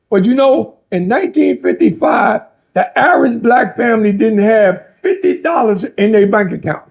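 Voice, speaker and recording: A man's voice: sits high, normal speed, vocal fry, few pauses, darkish tone, breathy edge. An older man from the United States, giving an interview and telling stories with passion, preaching and acting out the voices he quotes. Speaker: interview guest. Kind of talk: impassioned storytelling talk.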